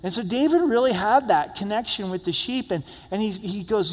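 A man's voice: high-pitched, expressive, moderate pace, few pauses, big-room sound. A man in his young adult years preaching an earnest, conversational sermon at a church service, often repeating words as he speaks. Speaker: pastor.

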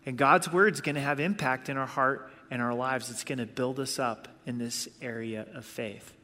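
A man's voice: mid-range voice, pushed and bright. A man preaching a sermon as a pastor, earnest and conversational, driving points home with repetition. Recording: long hall reverb.

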